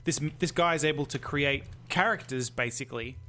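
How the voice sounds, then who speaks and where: A man co-hosting a podcast in casual chat, animated and full of restarts. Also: mid-range voice, fairly quick. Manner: animated, many restarts and asides. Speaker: podcast co-host.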